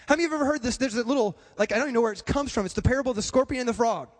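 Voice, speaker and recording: Male pastor, sermon, very high voice, emphatic, repetitive, long church-hall reverb. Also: racing. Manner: repetitive, emphatic, addresses the congregation.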